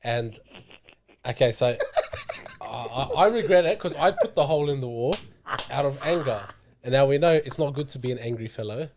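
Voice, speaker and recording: A young man in casual chat, playful and quick to react and joke. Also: medium pitch, expressive, background noise. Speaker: podcast co-host.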